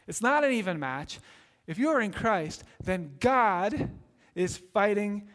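High-voiced preacher in a reverberant hall. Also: male voice, slow. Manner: earnest storytelling, builds to excited peaks. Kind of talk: sermon.

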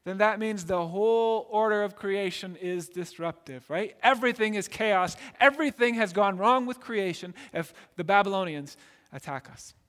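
A pastor with a high, fairly bright voice preaches at a moderate pace, his words echoing with the long reverb of a large hall. He's earnest, repeats words while explaining, and keeps checking in with "right?"

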